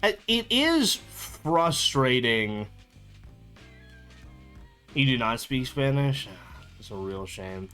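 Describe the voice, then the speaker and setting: A man's voice: medium pitch, big pitch swings, takes it slowly, pauses often, pushed and bright, soft background music. A young man chatting casually on his stream, rambling, amused and laughing often.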